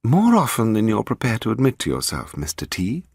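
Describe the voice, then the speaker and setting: A man's voice: lowish voice, huge pitch swings, fairly quick, darkish tone, husky, dry recording, clean studio sound, voice pushed up, heavily acted. A man reading an audiobook voices a playful, impish young woman who coaxes and teases her husband, raising his voice for her. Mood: rueful. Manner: coaxing and impish. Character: playful, teasing young woman, a sleuth's wife.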